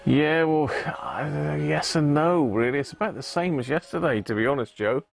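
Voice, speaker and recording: A man's voice: fairly high pitch, moderate pace, gravelly, faint music behind. A man hosting a casual livestream, chatting with viewers and greeting them by name, laughing often. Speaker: livestream host. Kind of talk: casual live chat with viewers.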